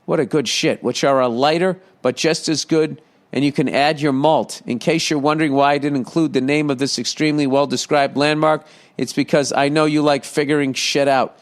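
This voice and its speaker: A middle-aged man hosts a loose solo podcast, reading listener mail and peppering it with profane, sarcastic asides. His voice sits a little higher than most men's. He keeps cutting himself off to crack a joke, then drifts back to the letter. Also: steady tone, moderate pace. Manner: breaks off mid-sentence to react and joke. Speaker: podcast host.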